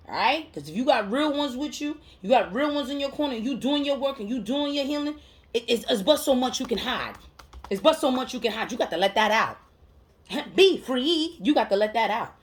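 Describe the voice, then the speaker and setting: A woman's voice: on the high side, lively intonation, brisk. Emphatic slangy woman venting to camera. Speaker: mental health counselor. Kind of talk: heartfelt motivational monologue to camera.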